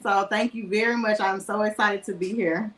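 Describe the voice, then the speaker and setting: A woman's voice: mid-range voice, steady tone, normal speed, a bit bright, echoey room, rough recording. A woman with a New Orleans accent, an upbeat guest talking on a video call.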